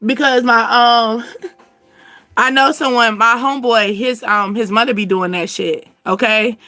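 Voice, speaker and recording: A woman hosting her channel in loose, slangy chat. Her voice sits high and bright, and she keeps an unhurried pace, breaking into laughter again and again. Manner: animated, laughing often, slangy. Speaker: channel host. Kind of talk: casual chat.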